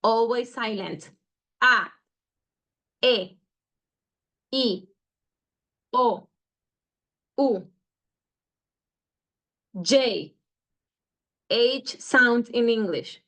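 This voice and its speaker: Slow, patient teacher woman. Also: fairly high pitch, fairly bright tone. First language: Spanish. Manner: patient, repeats syllables, corrects herself. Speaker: Spanish teacher. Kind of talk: slow syllable-drill lesson.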